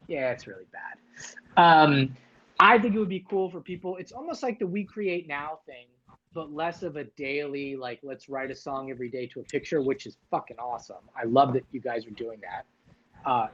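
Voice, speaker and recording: A man's voice: mid-range voice, breathy edge, dull audio. Rambling man hosting a livestream. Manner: loose, rambling, lots of fillers and restarts. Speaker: livestream host. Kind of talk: casual livestream chat.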